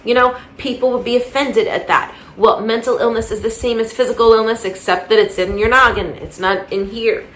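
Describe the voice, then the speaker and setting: A woman's voice: fairly high pitch, fairly even intonation, fairly quick, hardly any pauses, fairly bright tone, echoey room, slight background noise. A woman talking through a casual commentary monologue, rambling with many restarts and getting heated. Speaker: commentary vlogger.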